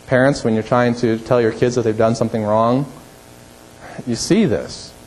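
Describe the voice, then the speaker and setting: A male pastor preaching a sermon, emphatic, rising to forceful peaks and dropping low. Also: fairly even intonation, normal speed, a little hiss or hum, poor audio.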